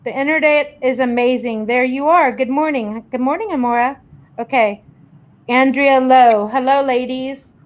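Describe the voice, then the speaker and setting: Woman hosting a live chat, kinda high voice, rambly and friendly, greeting people nonstop. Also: fairly even intonation, normal speed. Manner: warm greetings, chatty, rambling. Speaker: host reading viewer comments. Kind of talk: casual live-stream chat.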